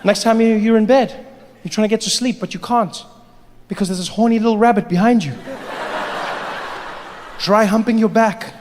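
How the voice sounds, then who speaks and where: A man performing a stand-up comedy set, animated and playful, on a large theater stage. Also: high voice, normal speed, long pauses. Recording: long hall reverb, faint noise.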